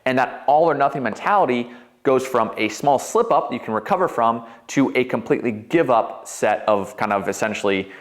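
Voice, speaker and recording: A young man, a fitness coach, giving an energetic, conversational whiteboard talk and often checking in with "right?". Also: mid-range voice, normal speed.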